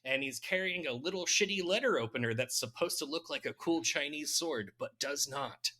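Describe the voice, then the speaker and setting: A man's voice: on the high side, normal speed, sharp tone. Laughing man recapping a horror film. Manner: laughing, wry plot recap with sarcastic asides. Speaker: podcast co-host recapping a film. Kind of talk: casual chat.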